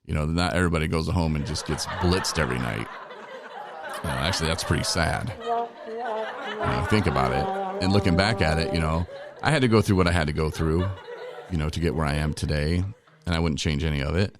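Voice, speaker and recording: A man's voice: extremely low pitch, big pitch swings, fairly quick, over music. A middle-aged man hosting a recovery podcast, telling his own story in a candid, rambling, self-deprecating way. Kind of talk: casual personal storytelling.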